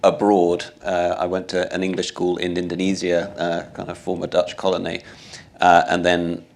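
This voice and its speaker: A man's voice: deep voice, monotone, normal speed, creaky. A man speaking on a panel, a literature teacher, reflective and restarting his phrases. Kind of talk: panel discussion.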